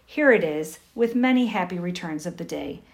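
A woman's voice: lowish voice, expressive, moderate pace, vocal fry. A woman reading the lines of a timid little piglet from a storybook, over an echoey intercom. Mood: sorry.

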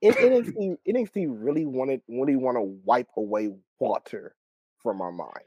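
A man's voice: mid-range voice, lively intonation, normal speed, warm tone, breathy edge, no room sound. A man co-hosting a wrestling podcast in casual chat, stammering and repeating words.

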